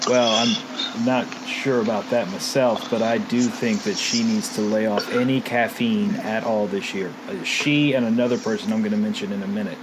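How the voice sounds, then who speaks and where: A man's voice: on the low side, fairly even intonation, normal speed, noisy background. A man co-hosting a podcast in casual chat, ranting with exasperated complaints. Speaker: podcast co-host.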